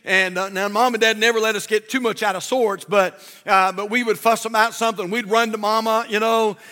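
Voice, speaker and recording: High, bright preacher, older man. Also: fairly even intonation, a little fast, long reverb tail. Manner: folksy, fervent preaching with many repeats. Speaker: pastor. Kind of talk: sermon. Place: church sanctuary, from the pulpit.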